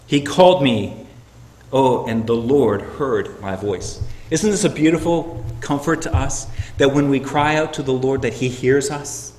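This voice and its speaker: A man preaching a sermon, swinging from loud, emphatic peaks to hushed, quiet stretches. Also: mid-range voice, a little slow. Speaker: pastor. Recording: echoey hall with long reverb.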